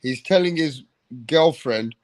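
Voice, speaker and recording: A man hosting a casual live-stream about boxing, talking excitably and repeating himself with slang. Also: on the high side, unhurried, rough recording. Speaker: livestream boxing host.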